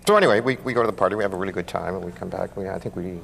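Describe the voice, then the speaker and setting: A middle-aged man, a guest on a comedy talk show, telling a rambling anecdote that drops into hushed tones. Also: low-pitched, rapid-fire, gravelly, slightly rough. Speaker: guest actor.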